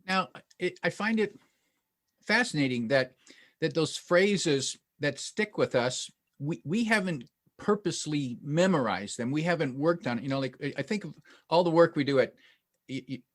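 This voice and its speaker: A man's voice: a little high, expressive, moderate pace, a bit bright. A man hosting an interview, speaking hesitantly and repeating words as he works out his thoughts. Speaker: interview host. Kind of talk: conversational interview.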